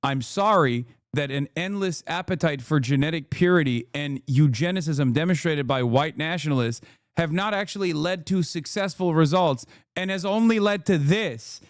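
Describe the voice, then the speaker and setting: A man in his thirties reacting to a video on stream, animated and profane as he rants. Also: fairly high pitch, no room sound, studio quality. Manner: animated, profane, quick to laugh and rant. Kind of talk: casual live reaction commentary.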